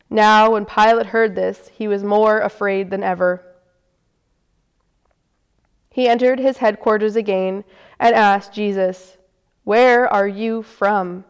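A woman's voice: medium pitch, clear, resonant tone. Woman reading scripture in a reverberant church. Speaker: scripture reader. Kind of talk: Good Friday scripture reading.

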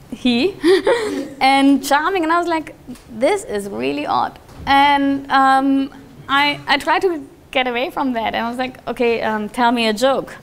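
A woman giving a conference talk to an audience, telling stories in a lively way and laughing often. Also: high voice. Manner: lively, with frequent restarts and fillers. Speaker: conference speaker. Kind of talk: live talk with audience questions.

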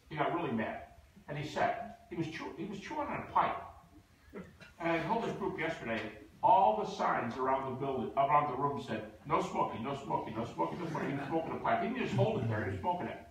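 A man giving an emphatic, animated lecture with stories, acting out the people he quotes. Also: fairly high pitch, slight background noise. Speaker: guest lecturer. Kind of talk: lecture with storytelling. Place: university lecture hall. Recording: echoey hall, distant mic.

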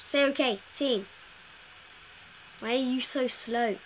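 A woman's voice: high voice, takes it slowly, slight background noise. A woman giving casual, playful commentary while playing a video game, chatting to the characters on screen. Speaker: gameplay video host.

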